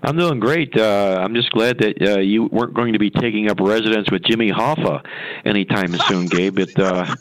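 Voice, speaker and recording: A man's voice: on the low side, normal speed, poor audio. A man joining a sports show as a guest, joking dryly in casual chat.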